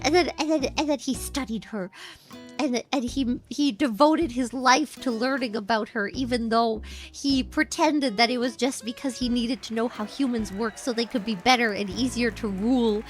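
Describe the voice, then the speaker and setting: A woman's voice: fairly high pitch, normal speed, soft background music. A woman streamer improvising a bedtime story in a rambling, giggly way, often repeating "and then".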